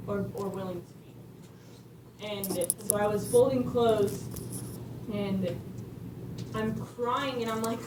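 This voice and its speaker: A woman's voice: medium pitch, fairly even intonation, measured pace. A woman speaker telling a faith testimony at a conference, earnest and storytelling, laughing between lines. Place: conference room. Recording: echoey room, distant mic, background noise.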